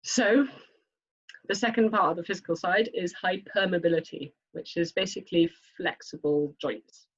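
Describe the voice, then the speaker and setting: A woman's voice: fairly low pitch, normal speed, slightly rough, highs cut off. A woman physiotherapist giving a spoken presentation to parents, explaining step by step with frequent fillers. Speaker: children's physiotherapist. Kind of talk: presentation lesson.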